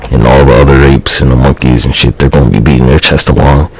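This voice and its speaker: A man's voice: extremely low pitch, fairly even intonation, quick pace, vocal fry, slightly rough, low-quality recording. A man streaming live, talking in a loose, rambling and profane monologue.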